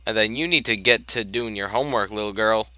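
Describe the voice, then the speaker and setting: A young man with a bright, forceful voice talks his way through a life-sim game, telling his characters what to do next. His commentary is loose and chatty, and he breaks now and then into exasperated outbursts. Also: lowish voice, a little fast. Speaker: gameplay commentator. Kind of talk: casual let's-play commentary.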